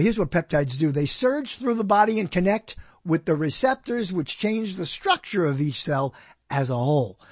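Heard on a close mic with no echo, this mid-range voice belongs to a solo host wandering through a jokey, rambling monologue. Quotes get read out between tangents, and there's plenty of humming, laughing, and muttering to himself.

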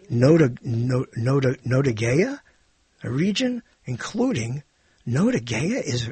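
A man hosting his own show, rambling playfully through comic digressions and wordplay on a boom mic. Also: slightly rough, dry recording. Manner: playful, digressive, bursts into singing and silly wordplay. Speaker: show host.

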